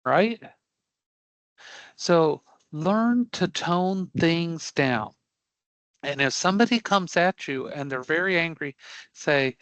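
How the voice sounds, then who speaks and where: A man's voice: on the high side, animated, takes it slowly, a bit bright, no room sound, rough recording. A man teaching a live online career prep class, speaking emphatically and bluntly, often stopping to ask the class if they follow. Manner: emphatic, checks in with frequent rhetorical questions; blunt and dismissive of angry customers.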